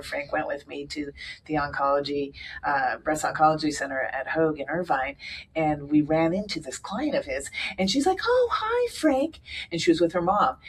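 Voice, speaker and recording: A woman's voice: low voice, a little hiss or hum, low-quality recording. A middle-aged woman chatting casually, telling stories with lots of laughter and acted-out quotes. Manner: animated, laughs often, acts out quotes. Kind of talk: casual chat, storytelling.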